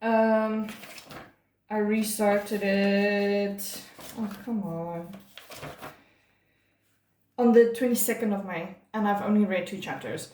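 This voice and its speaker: A woman's voice: medium pitch, darkish tone. A woman talking casually to camera about her monthly reads, chatty and gushing, with lots of fillers and restarts. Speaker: book vlogger. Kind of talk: casual monthly reading wrap-up. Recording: echoey room.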